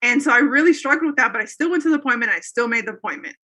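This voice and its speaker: This woman's voice sits on the high side, expressive and bright, with a forceful, breathy edge, and she races through her words. A guest in her thirties or forties, she rambles earnestly through a personal faith story, full of fillers and false starts.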